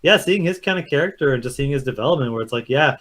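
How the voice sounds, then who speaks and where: A man's voice: mid-range voice, fast. A man co-hosting a casual chat, telling events with lots of acted-out quotes and fillers. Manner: animated storyteller, acts out quotes. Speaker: podcast co-host.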